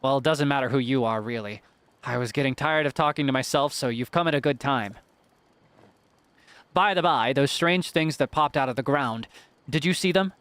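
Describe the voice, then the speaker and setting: A man's voice: mid-range voice, normal speed, fairly bright tone, smooth, no room sound, natural voice. A man reading aloud the lines of a gloomy wandering male traveler in a game, in a chatty, doom-laden way. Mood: ominous.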